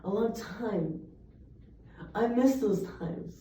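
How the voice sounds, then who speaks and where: A woman's voice: mid-range voice, slow pace, warm tone. A young woman reciting poems earnestly, with emphatic delivery. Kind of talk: poetry recitation. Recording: echoey, distant, muffled room recording.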